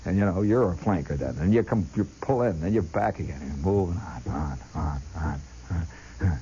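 With a low, mellow, slightly rough voice and lively intonation, a man tells a long personal story at a moderate pace. The recording is low quality. He keeps it conversational, speaking to the listener and making sound imitations.

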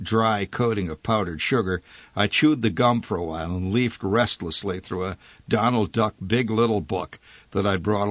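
Husky low-voiced male storyteller. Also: fairly bright tone, no room sound. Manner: wry, nostalgic storytelling. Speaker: narrator. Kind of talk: audiobook story narration.

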